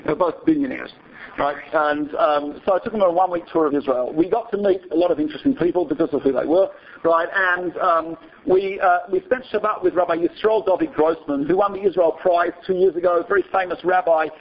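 A man's voice: a little high, brisk, husky, dull audio. A man giving a talk to an audience, telling a story in a conversational way and often checking in with "right?". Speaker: speaker.

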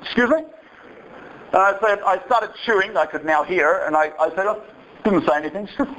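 A man's voice: high voice, normal speed, slight background noise, rough recording. A man giving a humorous talk, animatedly telling anecdotes and acting out the voices in them. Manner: animated storytelling, acts out voices.

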